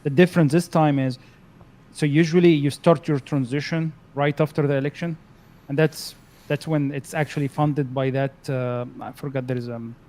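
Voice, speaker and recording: A man's voice: fairly high pitch, steady tone, normal speed, darkish tone. A man on a casual stream panel who speaks hesitantly with many fillers and laughs at himself. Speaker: panel guest.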